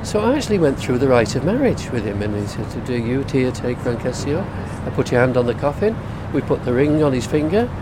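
Lively-voiced priest telling a story. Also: male voice, mid-range voice, quick pace, few pauses. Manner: chatty storyteller, acting out his own quotes. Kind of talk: telling an anecdote. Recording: noisy background.

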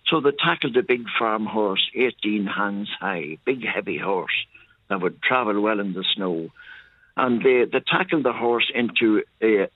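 An older Irish man from County Monaghan phones in to a radio show and tells a long family story, slowly and in detail. His voice sits fairly low and dry. It comes through a tinny phone line. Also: no echo. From Ireland. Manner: unhurried, detailed storyteller who digresses. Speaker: caller. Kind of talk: telling a story on a radio call.

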